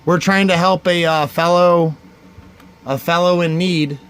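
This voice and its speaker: A man's voice: high-pitched, fairly even intonation, a little slow, a bit bright, clear, resonant tone. A man from the Cleveland area hosting a casual livestream charity card auction, heartfelt and rambling as he thanks viewers by name. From Cleveland area, United States.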